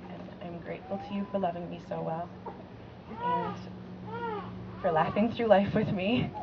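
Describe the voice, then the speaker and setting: A woman's voice: medium pitch, very animated, normal speed, very noisy. A woman speaks her wedding vows as the bride, earnest and heartfelt, her voice sitting in an easy middle range. The sound is dull and a little lo-fi, like a home video recorded outdoors by a lake. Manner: heartfelt, earnest, with soft laughs.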